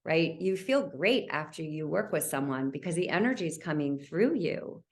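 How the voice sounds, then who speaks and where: A woman who works as a Reiki healer, speaking gently and warmly about her community as a guest on a podcast. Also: low voice, animated, moderate pace. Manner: gentle, heartfelt, spiritual talk. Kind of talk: conversational podcast interview.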